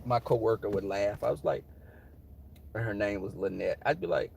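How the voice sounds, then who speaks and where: A man's voice: lowish voice, moderate pace, gravelly, slight background noise. A man telling sassy, dramatic workplace stories while driving his car. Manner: sassy, animated, dramatic storytelling. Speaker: vlogger. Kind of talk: storytelling chat while driving.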